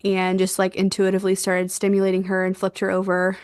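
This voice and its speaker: A woman's voice: medium pitch, fairly quick, clean tone, no room sound. Chatty young woman, dry close sound. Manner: animated, laughs often, acts out quotes. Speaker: guest, doula. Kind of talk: casual storytelling.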